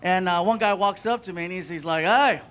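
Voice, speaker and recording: A man doing an animated stand-up set, telling stories and acting out the people in them. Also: high-pitched, fast talker. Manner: animated, acts out characters in quotes. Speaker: stand-up comedian. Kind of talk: stand-up storytelling. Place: comedy stage before a live audience.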